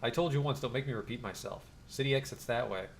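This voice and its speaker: A man's voice: mid-range voice, quick pace, vocal fry, slight background noise, natural voice. A man voicing a stern corporate gate guard, curt and commanding.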